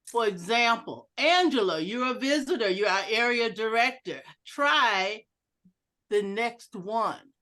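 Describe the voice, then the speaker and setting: A woman's voice: a little high, takes it slowly. A woman giving an educational talk on a video call, playfully acting out different inflections of one sentence. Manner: animated, playful, acts out inflections. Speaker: educational speaker at a club meeting. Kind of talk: online presentation with audience exercises.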